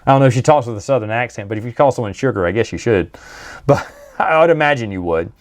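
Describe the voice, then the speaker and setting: A man's voice: mid-range voice, expressive, fast talker. A man giving a casual, rambling book review, full of restarts and asides. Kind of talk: casual monologue.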